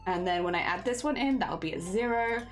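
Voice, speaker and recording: Young woman streamer, casual and chatty, slightly congested, with a lively, swooping delivery. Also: medium pitch, brisk, faint music behind. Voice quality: coughing, a little congested. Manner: chatty, talks herself through each step, greets viewers. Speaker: streamer rigging a vtuber model. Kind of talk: casual live-stream talk while working.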